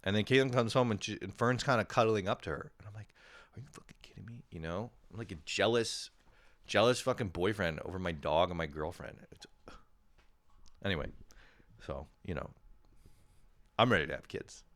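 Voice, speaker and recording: A man hosting a podcast, rambling through a self-mocking comedic monologue, swearing often and breaking into sudden loud animated bursts. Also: low voice, normal speed, long pauses, no room sound. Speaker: podcast host.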